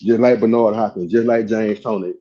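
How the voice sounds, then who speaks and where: A man co-hosting a casual boxing podcast, explaining his view in a relaxed way. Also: on the low side, fairly quick, slight background noise. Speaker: podcast co-host. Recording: dull lo-fi sound.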